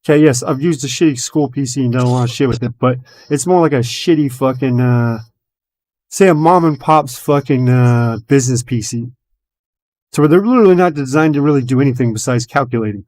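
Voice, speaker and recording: A man's voice: mid-range voice, a little fast, darkish tone, dry recording. Profane, rambling man telling a story. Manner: rambling storyteller, swears constantly, many fillers; retells his own and others' words as quoted dialogue. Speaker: podcast host. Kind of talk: casual chat.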